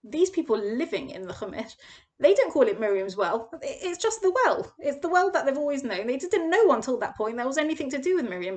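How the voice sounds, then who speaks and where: A young woman gives a Torah lesson in an animated storytelling manner. Her voice sits high and swings widely. She acts out the people she quotes. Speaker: Torah teacher. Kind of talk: expressive parsha lesson.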